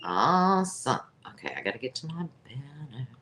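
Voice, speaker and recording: Woman, very deep voice, lively pitch, chatty, jokey, live-stream sale host. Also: moderate pace. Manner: chatty, jokey, laughs at her own remarks. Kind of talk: live-stream sales chat.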